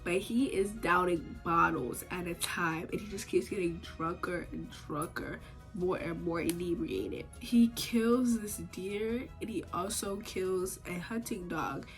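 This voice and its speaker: A young woman casually recapping episodes of a show in a chatty, rambling, animated way, with slangy asides. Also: fairly low pitch, unhurried, soft background music. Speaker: TV show reviewer. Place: home, recording while doing makeup.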